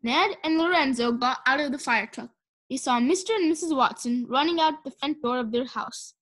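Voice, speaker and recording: Expressive woman reading a storybook. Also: high-pitched, moderate pace. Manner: expressive, does character voices. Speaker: audiobook narrator.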